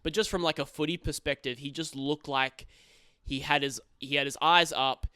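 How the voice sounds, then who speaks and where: A man's voice: a little high, fairly even intonation, normal speed, pushed and bright, smooth, no echo, clean studio sound. A man co-hosting a casual sports podcast, swearing freely, laughing easily and trailing off mid-sentence. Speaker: podcast co-host.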